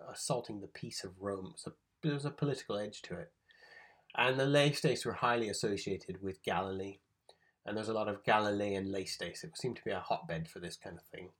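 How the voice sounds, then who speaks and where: A man's voice: on the low side, breathy edge. A man teaching on a Gospel passage in a conversational sermon style, explaining the background, checking in with his listeners and loosely paraphrasing the text. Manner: thinks aloud with restarts, paraphrases scripture informally. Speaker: Bible teacher.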